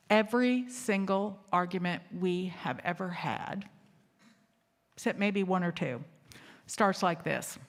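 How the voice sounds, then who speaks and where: A woman hosting an assembly, telling a candid, funny story to a live audience and asking them questions. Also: fairly low pitch. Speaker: assembly host. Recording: reverberant hall.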